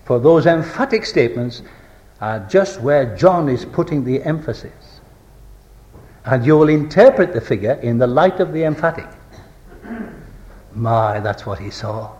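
A male preacher with a high, animated voice delivers an impassioned sermon, ringing out on the key words of scripture and then sinking into hushed, low tones. He presses the congregation with rhetorical questions, and the sound carries the echo of a roomy hall. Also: moderate pace, dull audio. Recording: echoey hall.

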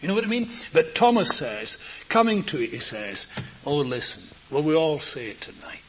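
A man's voice: on the high side, big pitch swings, normal speed, a crowd in the background. A man preaching a sermon in a meeting, rambling and conversational, with emphatic rising bursts. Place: meeting hall. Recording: dull hissy lo-fi tape.

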